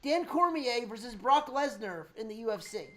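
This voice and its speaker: A woman co-hosting a podcast, giving an offhand, relaxed rundown of the news in casual chat. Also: a little high, normal speed. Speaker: podcast co-host.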